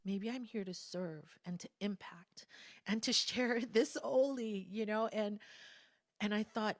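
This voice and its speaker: A woman speaking at a spiritual gathering, telling a candid personal story in a reflective, conversational way with soft asides. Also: mid-range voice, no echo. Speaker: guest speaker.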